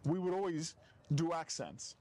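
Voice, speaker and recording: A man in a casual chat, reminiscing in a lively way and swearing freely. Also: a little high, a little slow.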